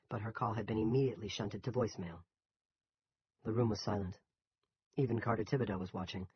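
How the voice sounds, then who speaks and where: A man narrating a novel as an audiobook in a steady storytelling manner. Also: fairly low pitch, breathy edge, highs cut off.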